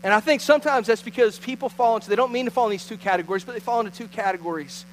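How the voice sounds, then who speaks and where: A man's voice: sits high, very fast, slight background noise, poor audio. A man pastor giving a conversational sermon, telling a story with frequent restarts.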